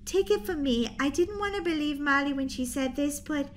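A woman's voice: high-pitched, moderate pace, a little hiss or hum, close to an everyday voice. A woman voicing Daisy, a teasing, bossy older sister in a Roblox role-play with a dry manner. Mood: matter-of-fact.

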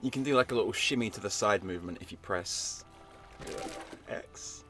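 Laid-back young man with a low voice. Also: normal speed, over music. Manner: laid-back, explains patiently with fillers. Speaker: co-host guiding the player. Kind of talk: casual explanatory chat.

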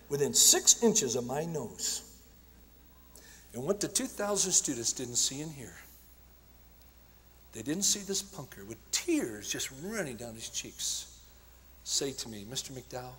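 A man preaching at a conference, telling stories with passion, shouting at times and dropping to a hush at others. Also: mid-range voice, big pitch swings, slow pace, pauses often, slight background noise. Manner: impassioned storytelling, swinging from shouts to hushed tones. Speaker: evangelist speaker. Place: large conference hall. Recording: long hall reverb.

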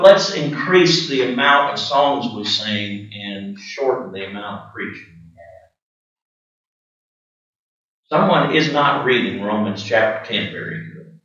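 Impassioned preacher, echoey and far off. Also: male voice, highs cut off. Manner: impassioned, rising to shouts and dropping low. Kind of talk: sermon. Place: church sanctuary. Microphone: webcam. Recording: echoey webcam audio from across the room.

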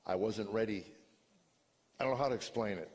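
An older man, a comedian, telling a confessional story from a stage to a live audience, earnest and sometimes rising to loud exasperation. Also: fairly low pitch, fairly quick, breathy edge. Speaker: comedian giving a personal testimony. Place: stage before a live audience in a large hall. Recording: long hall reverb.

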